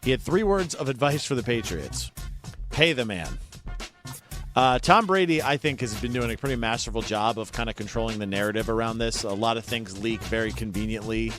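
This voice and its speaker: Steady-voiced sports news co-host. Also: male voice, medium pitch, fast talker, few pauses, faint music behind. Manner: steady, conversational news reading. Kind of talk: sports news delivery and banter.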